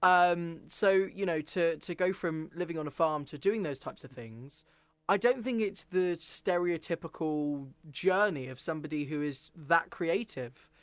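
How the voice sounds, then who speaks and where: A man hosting an interview, praising his guest in a soft, hesitant way with many fillers. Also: fairly high pitch, measured pace, clean tone, no room sound. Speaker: interviewer host. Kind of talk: casual interview chat.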